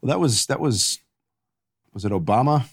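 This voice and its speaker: A man's voice: medium pitch, animated, moderate pace, breathy edge. Opinionated guy riffing in a chat, wry, voice jumps up and down a lot. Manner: opinionated, wry, argues with vivid examples. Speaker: guest. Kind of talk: casual chat.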